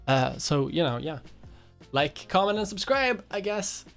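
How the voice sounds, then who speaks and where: With soft music behind her, a Swedish woman with a light accent streams live, speaking a little slowly in a fairly low, gravelly, very animated voice. She reads out viewers' comments and answers them offhand, swearing casually as she goes.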